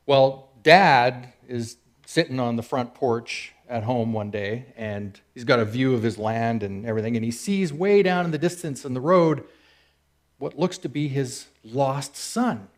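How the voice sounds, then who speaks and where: A man in his forties giving a casual, conversational sermon in a church, telling a story and acting out its characters with sudden excited outbursts. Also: mid-range voice, measured pace. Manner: conversational storyteller who acts out characters with big swings into excited shouts. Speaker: speaker at a church service. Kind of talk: sermon retelling a parable. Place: church hall.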